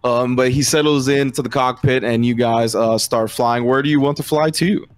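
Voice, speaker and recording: A man's voice: medium pitch, steady tone, normal speed, clean tone. A man running a tabletop game as game master, narrating loosely with lots of fillers.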